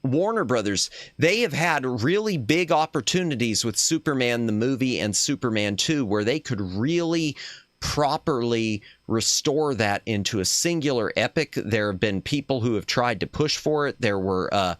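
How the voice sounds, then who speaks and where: A man's voice: medium pitch, lively intonation, moderate pace, fairly bright tone, dry recording. Opinionated man rambling in a dry room. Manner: rambling, opinionated, trails off and restarts. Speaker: streamer host. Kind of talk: casual chat stream.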